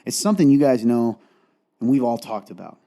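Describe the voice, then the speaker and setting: This podcast co-host has a warm, expressive, medium-pitched voice and a fairly quick delivery. Earnest and rambling in a candid conversation about faith, he sounds tearful, on the verge of crying.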